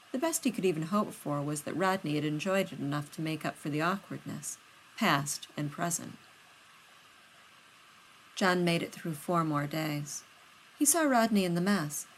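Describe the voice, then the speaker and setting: A woman reading fiction aloud as audiobook narration, steady and unhurried. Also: low-pitched, slight background noise, rough recording. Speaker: reader.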